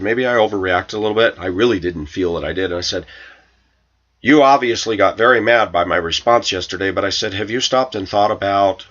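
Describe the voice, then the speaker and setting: A man's voice: sits low, fairly bright tone, highs cut off. A man vlogging to his viewers, telling an aggrieved story about a coworker, quoting her and himself with indignation. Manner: aggrieved, indignant, quotes others in raised voice. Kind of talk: personal storytelling rant to camera.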